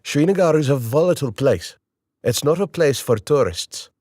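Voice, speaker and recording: A man's voice: a little high, expressive, normal speed, darkish tone, dry recording, studio quality, pitched above the performer's own voice. A man voicing a blunt Indian businessman with an Indian accent and short, matter-of-fact answers. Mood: curt.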